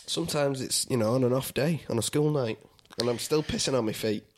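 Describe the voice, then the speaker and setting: Male comic co-host, loose laughing storyteller, mid-pitched. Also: brisk, a little hiss or hum. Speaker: podcast co-host and comedian. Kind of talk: casual storytelling chat.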